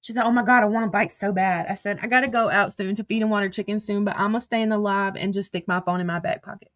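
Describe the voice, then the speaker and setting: A woman's voice: medium pitch, fairly even intonation, fast, fairly bright tone. Blunt, foul-mouthed woman. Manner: blunt and profane, with sudden outbursts. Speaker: social media drama commentator. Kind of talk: casual reading of text message screenshots.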